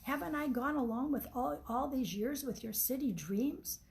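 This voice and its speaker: Woman voicing a betrayed wife, pleading, gravelly, high-ish. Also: moderate pace, slight background noise. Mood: hurt. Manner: pleading, rising to sharp.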